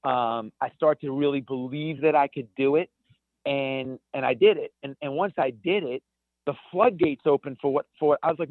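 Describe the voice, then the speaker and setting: A man, a guest in an interview, telling stories in an energetic way with many restarts. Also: mid-range voice, moderate pace, no echo. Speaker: guest, ultrarunner. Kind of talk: conversational interview. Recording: tinny phone-like dry sound.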